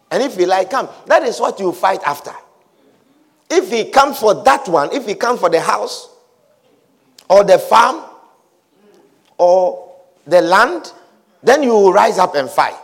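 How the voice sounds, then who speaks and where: High, gravelly preacher man. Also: unhurried, long pauses. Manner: animated, acts out scripture characters with shouts and laughter. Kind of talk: sermon.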